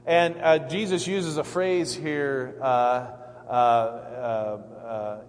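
A man preaching a sermon as pastor, conversational and reflective, pausing often with fillers. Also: mid-range voice. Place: church. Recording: echoey hall, faint hum.

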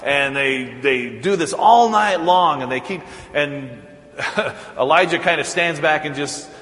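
A man's voice: on the high side, a little slow, a bit bright. A man preaching as pastor, retelling a story in a casual, joking way with asides. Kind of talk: storytelling sermon. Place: church sanctuary. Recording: echoey church with long reverb.

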